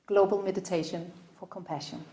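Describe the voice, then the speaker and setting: A woman giving an earnest, halting opening speech to a live audience, her voice catching with emotion at times. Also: lowish voice, steady tone, warm tone. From Denmark. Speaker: event host. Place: room in front of a live audience. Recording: roomy echo.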